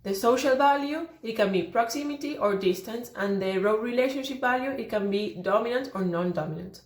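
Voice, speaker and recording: Young woman student, slightly high voice, careful self-correcting exam talk, roomy echo. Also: brisk. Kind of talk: oral exam presentation on phonology.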